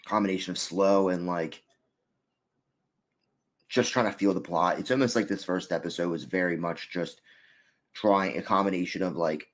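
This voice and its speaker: A man's voice: low-pitched, moderate pace, pauses often. Rambling man chatting about a cartoon. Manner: rambling, many fillers and restarts, laughs loudly. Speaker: co-host reviewing an episode. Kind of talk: casual review chat.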